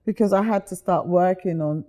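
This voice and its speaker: Lively woman guest, mellow tone, animated storytelling. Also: on the low side, normal speed. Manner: lively, chatty, slips into voices while telling stories.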